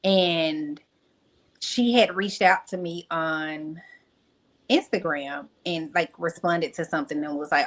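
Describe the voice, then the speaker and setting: A woman's voice: low voice, slow, fairly bright tone, rough recording. A young adult woman speaking candidly as a podcast guest, telling reflective personal stories with many fillers. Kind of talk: podcast interview.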